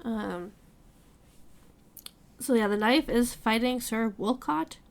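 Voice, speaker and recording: A woman with a gravelly, creaky voice chats about a novel in a relaxed book club stream. She agrees easily and pauses on fillers as she sums up the plot. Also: fairly high pitch. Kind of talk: casual book club chat.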